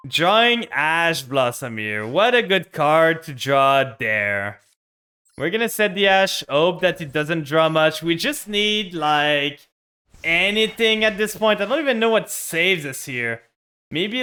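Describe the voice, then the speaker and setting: A man's voice: a little high, pushed and bright, clear, resonant tone. A young man streaming a card game, commenting live on his plays and ranting with frustration at his opponent.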